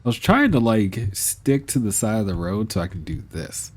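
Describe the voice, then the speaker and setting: A man's voice: fairly low pitch, very animated, normal speed. A man streaming live gameplay, chatting to his viewers and scolding the animals in the game, laughing and exasperated.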